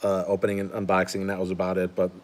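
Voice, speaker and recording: A man's voice: low voice, completely flat delivery, very fast, slight background noise. A man hosting a casual live stream, talking in an easygoing, rambling way with many restarts. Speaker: host and coach. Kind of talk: casual live-stream chat while sorting cards.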